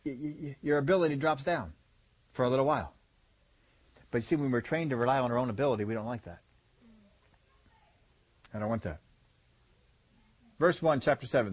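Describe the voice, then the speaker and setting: A man preaching a folksy, conversational sermon, acting out examples with groans and laughter. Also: on the high side.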